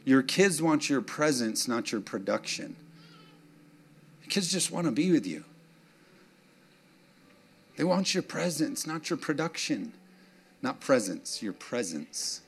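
A man's voice: fairly high pitch, big pitch swings, measured pace, gravelly, pauses often, a little hiss or hum. A man delivering a sermon as a pastor, preaching conversationally and emotionally, with laughing asides to the congregation.

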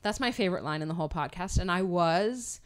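A woman's voice: fairly low pitch, lively intonation, fast. A woman co-hosting a casual podcast, teasing and laughing, saying "like" often. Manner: giggly, teasing, says "like" often. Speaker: podcast co-host.

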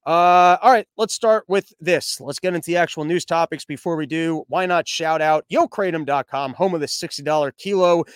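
Young male podcast host, sarcastic and mocking, clear higher voice, dry close-mic sound. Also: moderate pace, few pauses, no room sound. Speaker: news commentary host. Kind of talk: sarcastic news commentary with ad reads.

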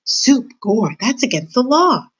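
A woman reading aloud and voicing a clumsy, hard-of-hearing servant girl who shouts in rustic grammar. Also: a little high, very animated, slow, breathy edge, voice pushed up, heavily acted. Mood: eager. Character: clumsy loud half-deaf servant girl.

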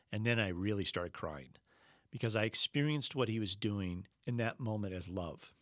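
A middle-aged man preaching a sermon, telling a personal story earnestly and slowing down when he quotes Jesus. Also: on the low side, fairly bright tone, no echo, studio quality. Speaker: pastor.

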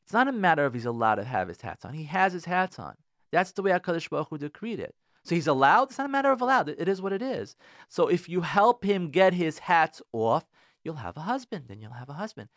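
A man a high, lively voice gives advice on air, repeating his points to hammer them home. The studio sound is dry and close. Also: fast talker, no room sound. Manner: emphatic, repeats phrases for stress. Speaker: radio relationship advice host. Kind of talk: advice talk to listeners.

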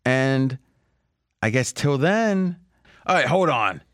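Animated man hosting a betting podcast. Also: mid-range voice, dry recording, studio quality. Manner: animated, rambling, quick asides. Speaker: podcast host. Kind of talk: casual sports-betting chat.

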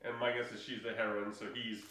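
A man with a lowish, level voice, pushed and bright, talks a little fast while recapping a movie for a podcast he co-hosts. The mic is distant and the room rings with heavy echo, and his rambling is full of restarts, fillers, and laughter.

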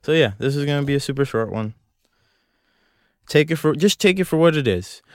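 A man's voice: on the high side, lively intonation, a little fast, no room sound, studio quality. A young man hosting a solo podcast from a closet, rambling in a profane, self-mocking, jokey way. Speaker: podcast host. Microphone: close studio mic.

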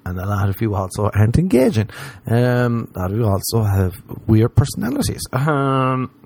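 A man's voice: sing-song, moderate pace, a little mellow, husky. Profane Irish man telling stand-up stories. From Ireland. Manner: rambling, profane, mocks others in put-on high voices. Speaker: stand-up comedian. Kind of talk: stand-up comedy storytelling.

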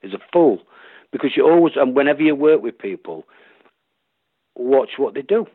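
Husky-voiced Yorkshire actor, chatty guest, rambly; dry, thin phone sound. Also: male voice, mid-range voice, animated, moderate pace, dry recording. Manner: rambling, full of restarts and acted-out quotes. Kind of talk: casual interview chat. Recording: tinny dry phone line.

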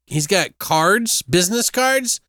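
A man's voice: high-pitched, takes it slowly, no echo, studio quality. A man in casual chat, retelling a movie plot with lots of swearing and acting out the characters' lines. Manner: profane, animated, acts out characters' lines.

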